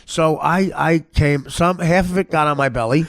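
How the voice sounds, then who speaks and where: A man's voice: a little high, normal speed, no echo. A man hosting a podcast, telling crude comic stories in a rambling, stammering way and laughing at his own jokes. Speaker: podcast host. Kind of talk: crude comedic storytelling.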